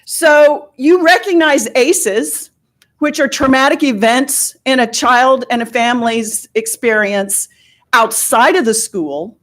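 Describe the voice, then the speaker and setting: A woman's voice: a little high, slow pace, a bit bright. A middle-aged woman giving impassioned public testimony as a parent at a board meeting, pointed and full of rhetorical questions.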